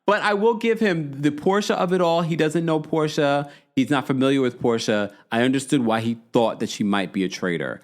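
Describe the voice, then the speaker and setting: A man hosting a live talk show, chatting in a casual, animated way and reading out comments from viewers. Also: a little high, brisk, few pauses. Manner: animated, acts out quoted lines in shifting voices. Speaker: podcast host recapping reality TV.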